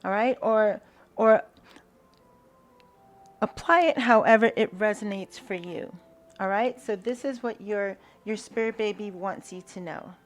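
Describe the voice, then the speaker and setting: Unhurried woman doing a spiritual card reading, soft and halting, mid-pitched. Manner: slow, soft-spoken, hesitant with fillers; invocation-like gratitude prayer. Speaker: tarot reader.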